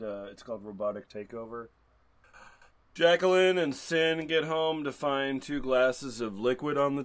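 Halting man hosting with lots of filler. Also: mid-range voice. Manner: halting, heavy on filler sounds. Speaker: podcast host. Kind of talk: casual comedic reading.

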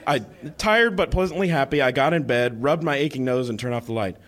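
A man reading a book aloud for laughs on a live bar stage, animated and breaking into laughter. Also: mid-range voice, fairly quick, few pauses. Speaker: live reader. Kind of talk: comic reading to a bar crowd.

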